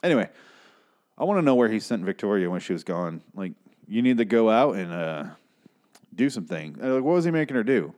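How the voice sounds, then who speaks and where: A young man with a somewhat low voice, chatting through an episode recap. He rambles, curses often and works himself up, stumbling over his own explanations. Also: a little fast. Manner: excitable, profane, loses his train of thought. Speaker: podcast host recapping an episode.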